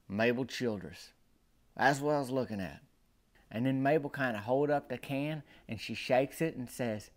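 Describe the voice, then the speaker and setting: A man telling a comic story in a folksy, animated drawl. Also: medium pitch. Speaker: storyteller and comedian.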